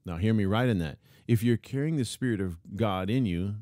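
A man's voice: lowish voice, brisk, mellow, dry recording, studio quality. A man preaching a sermon, emphatic, repeating key phrases and reading scripture aloud. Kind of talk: sermon teaching.

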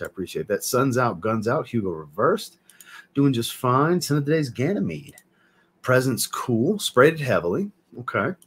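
A man's voice: lowish voice, slight background noise. A man hosting a casual live stream, chatty and enthusiastic, reading out viewers' comments and answering them. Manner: chatty, enthusiastic, reads out chat names. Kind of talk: casual livestream chat.

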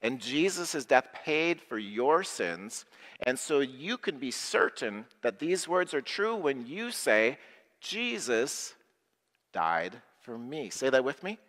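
A middle-aged man preaches in a large hall with a long reverb. He has an average pitch and speaks in a slow, plain way. He leads his listeners through short prayers, and they repeat each phrase after him. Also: sing-song, fairly bright tone. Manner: slow, plain, leading call-and-response prayers. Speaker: pastor. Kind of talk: simple sermon for people with special needs. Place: worship hall.

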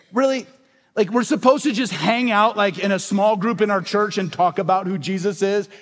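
A pastor delivers a sermon with emphatic repetition, asking questions and answering them himself. His voice sits fairly high for a man. A long church reverb hangs behind him. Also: brisk. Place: church sanctuary.

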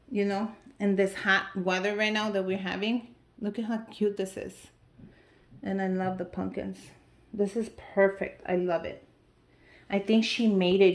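Gushing excitable woman unboxing gifts. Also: medium pitch, a little hiss or hum. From United States. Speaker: vlogger opening mail. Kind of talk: casual unboxing chat to viewers.

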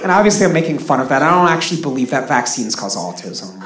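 A man's voice: mid-range voice, very animated, quick pace. A man from Russia performing live stand-up comedy with a dry, sarcastic delivery. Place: stage in a live comedy venue. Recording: roomy live venue with audience noise.

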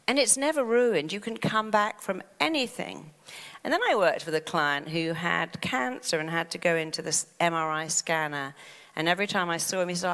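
A woman gives a motivational talk on stage, with a fairly low voice. She plays out the voices people use on themselves, and a long reverb from the hall trails each line. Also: moderate pace. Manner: animated, acts out quoted inner voices. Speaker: speaker.

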